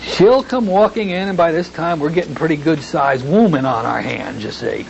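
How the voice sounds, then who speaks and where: Guy teaching hypnosis, folksy, goes slow and soothing for the demo bits, muffled old tape. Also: fairly high pitch, expressive, creaky. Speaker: hypnotherapy instructor. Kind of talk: recorded training lecture. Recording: dull lo-fi tape with faint hiss.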